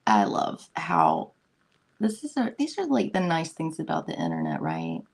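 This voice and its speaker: A middle-aged woman from the United States talks unhurriedly through a casual morning live stream. Her low voice is husky with a gravelly edge, and her pitch swings widely as she rambles, laughs often and greets viewers by reading their comments. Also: huge pitch swings, moderate pace, darkish tone. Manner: laughs often, chatty and rambling, reads chat aloud.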